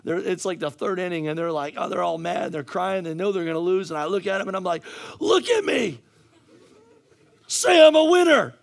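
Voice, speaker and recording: A middle-aged male pastor preaching a sermon with a hoarse, worn voice, swinging from casual asides to fired-up, near-shouted emphasis. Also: sits high, quick pace, hardly any pauses. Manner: energetic, rising to near-shouting, conversational asides. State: hoarse, losing his voice.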